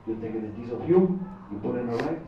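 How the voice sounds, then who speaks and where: Guy doing his mexican-accented dad, deadpan, broken english, roomy muffled bar sound. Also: mid-range voice, quick pace, slight background noise, voice pushed down, lightly acted. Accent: Mexican Spanish accent. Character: stern older Mexican father, blunt and serious. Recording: echoey distant muffled pub recording, crowd.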